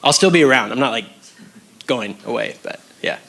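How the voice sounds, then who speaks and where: A man makes relaxed, casual remarks from the stage. His voice is bright and forceful, and he talks in an easygoing way with plenty of filler words. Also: medium pitch, a little fast, vocal fry. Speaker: regional director introducing a successor.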